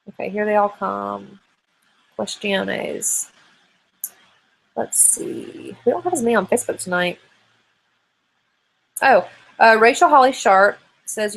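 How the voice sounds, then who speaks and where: A woman's voice: medium pitch, a bit bright. A woman in her thirties hosting a live online hangout, chatting casually and rambling as she answers viewer questions. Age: 30s. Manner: chatty and rambling, many fillers. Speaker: host of a live video hangout.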